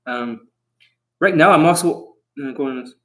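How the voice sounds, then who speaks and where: A man's voice: mid-range voice, moderate pace, sharp tone, rough recording. A man coaching on dating in a livestream monologue, brash and combative, swearing often and boasting about himself in the third person.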